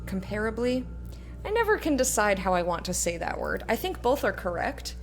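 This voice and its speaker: Chatty lady rambling thru a let's play, mid-pitched, goofy and self-mocking. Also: sing-song, normal speed, faint music behind. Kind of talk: casual gameplay commentary.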